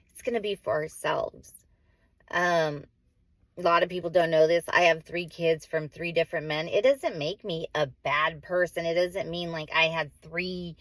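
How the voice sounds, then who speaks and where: In a dry recording, a woman in her forties with a fairly low-pitched voice vlogs about motherhood straight to camera. She rambles with heartfelt feeling, saying "like" a lot, correcting herself, and getting emotional.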